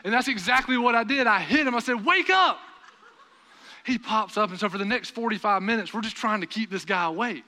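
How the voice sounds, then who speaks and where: Young man, preacher, sermon, animated storytelling, forceful bright voice, reverberant church hall. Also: sits high, quick pace, few pauses. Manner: animated storytelling, raising his voice for dialogue. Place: church sanctuary.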